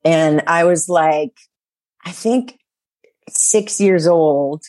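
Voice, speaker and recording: A woman guest on a talk show, telling stories in a rambling, animated way, full of fillers and laughter. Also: deep voice, extremely slow. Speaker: psychic guest. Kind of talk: casual chat.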